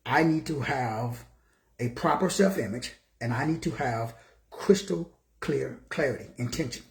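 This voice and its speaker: A mid-range male voice with vocal fry moves a little slowly, and the sound is roomy. The speaker, a Texan in his sixties, gives a motivational talk in his office, asking rhetorical questions and naming viewers as he greets them.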